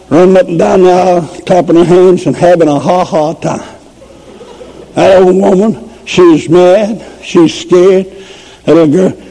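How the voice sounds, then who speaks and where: A male preacher delivering an impassioned, shouting sermon with vivid storytelling. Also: sits high, creaky. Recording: long reverb in a large hall.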